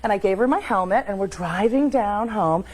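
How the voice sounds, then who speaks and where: A woman guest on a talk show, telling stories in animated, casual chat. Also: mid-range voice, normal speed, low-quality recording. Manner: animated storyteller.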